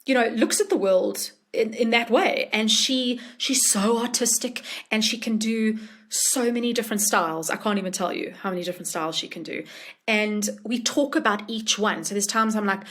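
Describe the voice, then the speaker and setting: A woman who writes children's books, chatting casually in a podcast interview and acting out what others say in a lively voice. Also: mid-range voice, moderate pace. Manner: animated, acts out quotes in a lively voice. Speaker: children's book author.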